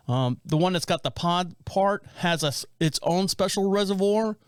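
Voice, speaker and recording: A man's voice: high-pitched, moderate pace, few pauses, clear, resonant tone, no room sound, studio quality. A man in his forties co-hosting a podcast, telling a long story with lots of restarts. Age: 40s. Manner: rambling, animated storytelling with frequent restarts. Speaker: podcast co-host. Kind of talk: casual storytelling chat.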